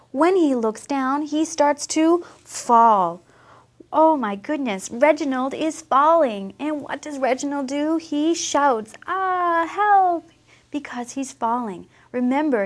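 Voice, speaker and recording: A woman teaching English who talks young learners through a picture book, asking them gentle questions. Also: fairly high pitch. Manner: slow, warm, questioning teacher talk.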